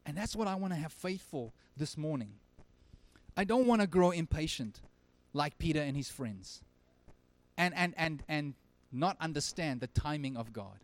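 A man preaching a sermon to his church, his voice sitting a little high for a man. He talks earnestly, rising to stress a point and then dropping almost to a hush. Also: no room sound. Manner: earnest, swinging from emphatic to very quiet. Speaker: pastor. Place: church service.

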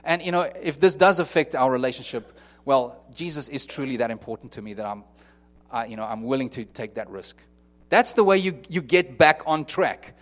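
A man's voice: mid-range voice, expressive, moderate pace. A man preaching a sermon in an earnest, conversational way, often restarting and acting out what people might say. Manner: earnest, conversational, with many restarts and acted-out quotes. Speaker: pastor.

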